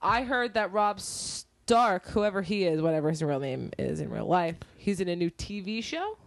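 A woman's voice: on the low side, animated, moderate pace, no echo. A woman co-hosting a podcast in casual chat, giggly and gushing, swearing freely, close on the mic. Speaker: podcast co-host. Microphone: close studio mic.

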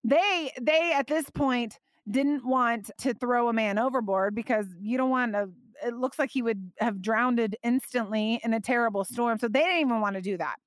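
A woman teaching a Bible passage in an animated, emphatic way, often laughing. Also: a little high, normal speed, hardly any pauses, no echo, studio quality.

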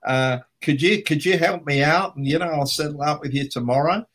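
A cheerful, naive grown man asks for a favour, his voice pitched noticeably higher than the teller's own and full of eager pleading, as a storytelling man puts him on. The tone is innocent and a little helpless. The voice is somewhat husky. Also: a little fast, a bit bright. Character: cheerful naive male friend asking for help.

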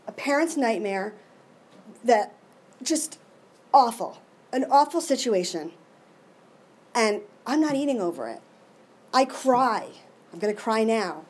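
A middle-aged woman giving a personal recovery share, emotional and expressive, with many restarts. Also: medium pitch, slightly rough. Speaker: recovery meeting speaker.

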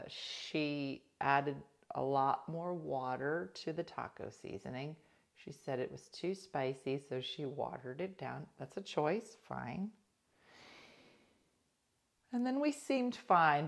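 A woman hosting a casual livestream, chatting to viewers and telling a gossipy story, dropping to hushed asides now and then. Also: sits low, creaky. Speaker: livestream host. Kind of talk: casual chat reading viewer comments.

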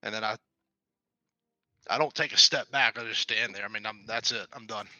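A man's voice: lowish voice, moderate pace, pushed and bright, dry recording. A man playing a tabletop game, describing his character's actions and thinking aloud with frequent restarts. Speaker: player. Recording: dull, dry lo-fi audio.

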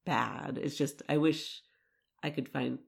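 A woman's voice: extremely low pitch, fairly even intonation, slow, vocal fry, breathy edge. A woman co-hosting a family podcast in casual chat, often laughing and giving short agreeing replies. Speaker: podcast co-host, mother.

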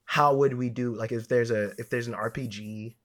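A man co-hosting a podcast, joking and riffing in a casual chat. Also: medium pitch. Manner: animated, joking, quick to riff. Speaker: podcast co-host.

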